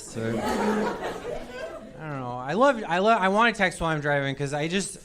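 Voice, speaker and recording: Lively stand-up comic man, club crowd. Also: a little high, heavy background noise. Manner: goofy, self-deprecating, acts out dialogue in quick voices. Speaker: stand-up comedian. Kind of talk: stand-up set before a live audience. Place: comedy club stage with loud laughing crowd. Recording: live club audio with loud crowd laughter.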